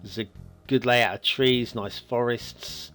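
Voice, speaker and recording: A man's voice: mid-range voice, fairly even intonation, slow pace, fairly bright tone. A man hosting a map review show, giving rambling, casual commentary on a game map with frequent chuckles and self-mocking asides.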